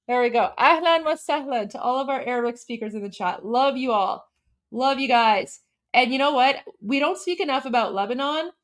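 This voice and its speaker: Chatty woman livestream host. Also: a little high. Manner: chatty, heavy use of "like" fillers; enthusiastic, gushing exclamations. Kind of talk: casual livestream chat.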